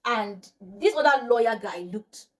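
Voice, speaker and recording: A young woman with a Nigerian accent telling a personal storytime to her viewers in a chatty, animated way. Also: a little high, a little slow. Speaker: vlogger. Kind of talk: storytime vlog.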